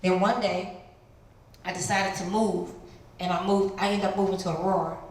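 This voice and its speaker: Echoey woman testifying in church. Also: moderate pace. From Chicago area. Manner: animated storytelling, jumps into high voices to act out quotes. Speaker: guest speaker. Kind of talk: testimony sermon. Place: large church hall. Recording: very echoey church hall, some noise.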